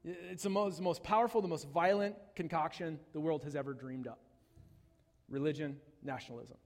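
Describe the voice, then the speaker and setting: A man preaching a sermon, animated and conversational, with jokes and asides to the congregation. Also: fairly high pitch, a little fast, long reverb tail. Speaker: pastor.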